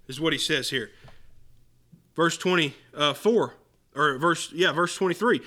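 A man's voice: a little high, a little slow, long pauses, sharp tone. A man preaching an earnest sermon, reading scripture aloud and often restarting his words.

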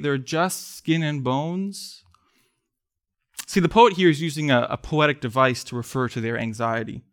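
A man preaching a sermon in church, earnest, swelling to emphatic pleas and then sinking soft. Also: mid-range voice. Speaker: pastor.

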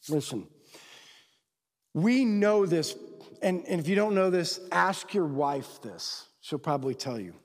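High-voiced man preaching in a reverberant hall. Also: a little mellow. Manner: conversational, rhetorical questions to the crowd; acts out quoted voices with big pitch swings. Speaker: pastor. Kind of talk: sermon to men.

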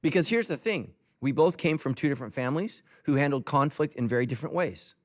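A man's voice: lively intonation, fast. Emphatic male pastor preaching. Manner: emphatic preaching, swinging from loud punchy lines to soft low asides. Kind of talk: sermon. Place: church in front of a congregation.

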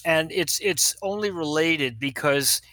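An older man, a pediatrician, telling funny stories in an animated way and acting out the people in them. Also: on the high side, a little slow, dry recording. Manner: animated, acts out other people's voices, laughs at his own stories. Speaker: guest, pediatrician. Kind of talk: anecdotal storytelling.

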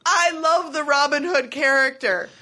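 A woman's voice: sits high, a little slow, bright, forceful tone. A woman co-hosting a podcast in casual chat, wry and chatty, often laughing as she talks. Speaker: podcast co-host.

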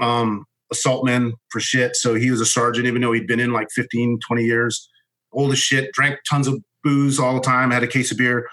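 A man with a bright, forceful voice recounts his time as a Marine officer. He talks candidly and haltingly, often restarting sentences, and swears bluntly. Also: mid-range voice, poor audio. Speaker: former Marine officer telling his story. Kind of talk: candid conversational storytelling.

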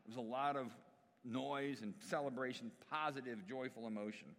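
A man's voice: mid-range voice, fairly even intonation, normal speed, fairly bright tone. A man preaching a conversational sermon to a congregation, often asking them questions. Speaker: pastor. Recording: long hall reverb.

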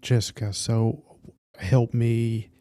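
A man hosting an interview, asking gentle, reflective questions. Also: mid-range voice, little pitch movement, slow pace, no room sound. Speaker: host.

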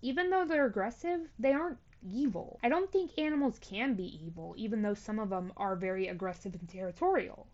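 A woman's voice: mid-range voice, fairly quick, hardly any pauses, darkish tone, dull audio. A young adult woman hosting a podcast, telling a story in a casual, playful, self-mocking way. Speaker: podcast host.

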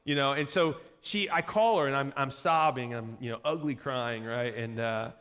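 A pastor telling a personal story in a sermon, animated and self-mocking, laughing often at himself. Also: male voice, medium pitch, moderate pace, clear, resonant tone. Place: church sanctuary. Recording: echoey hall reverb.

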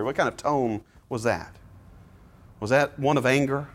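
A man's voice: medium pitch, measured pace, long pauses, slightly rough. A man teaching a Bible study class, explaining passages casually and reading scripture aloud with feeling. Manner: conversational, dramatizes scripture readings with rising intensity; frequent fillers and restarts, relaxed explaining. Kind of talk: classroom lesson.

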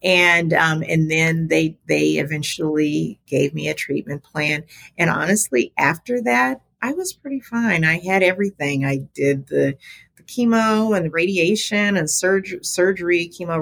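Animated woman with a gravelly low voice. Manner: animated storytelling, big pitch jumps on quoted reactions. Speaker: podcast guest, small business advocate. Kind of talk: casual chat.

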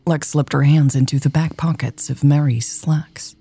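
A woman narrating a romance story in a slow, soft, intimate way, with faint music behind. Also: low-pitched, steady tone, slightly rough, no echo.

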